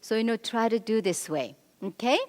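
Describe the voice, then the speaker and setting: A middle-aged woman giving a church marriage seminar, animated as she coaches the men in the audience directly. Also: a little high, moderate pace. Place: church hall. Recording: long reverb of a church hall.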